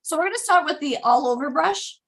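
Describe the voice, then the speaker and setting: Chatty high-voiced woman demoing makeup. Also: brisk. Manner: chatty, animated, self-interrupting. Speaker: makeup demo host. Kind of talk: casual live makeup tutorial.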